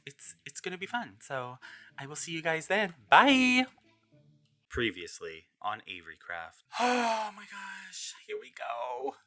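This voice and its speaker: A gaming video creator giving casual gameplay commentary, chatty and excitable, talking straight to viewers and swinging between nervous muttering and loud outbursts. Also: mid-range voice.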